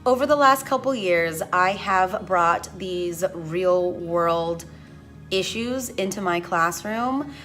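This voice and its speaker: Slow, earnest woman teacher vlogging. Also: fairly low pitch, animated, a bit bright, soft background music. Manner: earnest, impassioned, slow-spoken. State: emotional, near tears. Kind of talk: reflective vlog talk.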